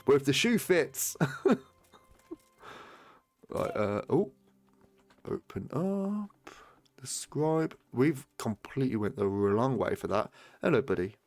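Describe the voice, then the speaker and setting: A man's voice: mid-range voice, big pitch swings, unhurried, pauses often. Rambling, sweary streamer guy. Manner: rambling, sweary, laughs easily. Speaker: game streamer. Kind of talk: casual live-stream chat.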